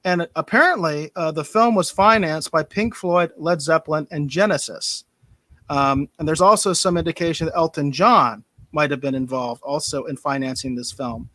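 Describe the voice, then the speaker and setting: A man's voice: on the high side, normal speed, sharp tone, no room sound. A man co-hosting a pop culture podcast, chatting casually, chuckling often and repeating words as he starts sentences. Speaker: podcast co-host. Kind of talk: casual chat.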